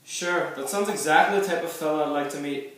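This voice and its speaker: A man's voice: fairly high pitch, brisk, noisy background, natural voice. A man playing a bitter, scornful daughter. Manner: scornful and cutting, sarcastic. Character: bitter, sharp-tongued Irish daughter, middle-aged. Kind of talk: amateur stage-play acting. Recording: echoey room, mic far off.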